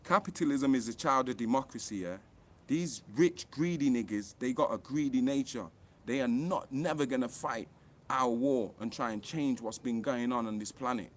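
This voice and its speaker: A man's voice: medium pitch, normal speed. Guy ranting to camera, blunt, sweary, heated, keeps pushing up for emphasis. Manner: heated, blunt and profane, with animated rising emphasis. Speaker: author and online commentator. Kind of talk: impassioned to-camera rant.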